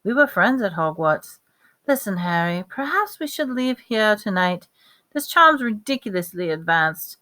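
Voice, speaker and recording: Lady reading as a gentle, weary teacher wizard, measured and kind, bright voice. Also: medium pitch, very animated.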